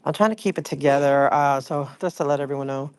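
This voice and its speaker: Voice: medium pitch, fast, clean tone, no echo. A livestream host chatting casually, rambling and greeting viewers by name mid-sentence.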